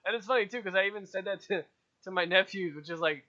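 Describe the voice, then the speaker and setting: An animated man co-hosts a casual gaming chat in a high, bright voice. He swears freely and laughs often. The sound is dull and lo-fi, from a cheap test microphone. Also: fast talker. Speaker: podcast co-host.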